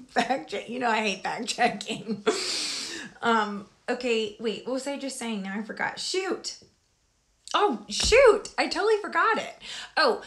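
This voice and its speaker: A woman chatting casually with her viewers about her recovery, digressive and quick to laugh, with sudden animated outbursts. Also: medium pitch. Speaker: vlogger sharing her recovery story. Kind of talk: casual live chat with viewers.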